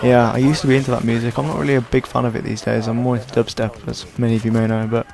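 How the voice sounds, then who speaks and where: Young male gaming commentator, tired and hoarse, gravelly, self-deprecating rambler. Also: medium pitch, flat delivery, rapid-fire, a little mellow. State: hoarse, sore throat. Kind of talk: casual gameplay commentary.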